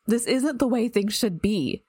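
A woman's voice: a little high, lively intonation, measured pace, a little mellow, slightly rough, no echo, studio quality, voice pushed up. A woman voicing an injured young woman who trembles with self-pity and lashes out in anger, in an audiobook reading. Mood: anguished. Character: anguished, bitter young woman, injured and cornered.

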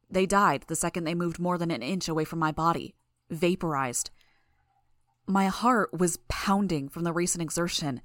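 A woman narrating a first-person fan audiobook in a steady, tense storytelling manner. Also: on the low side, no room sound, clean studio sound.

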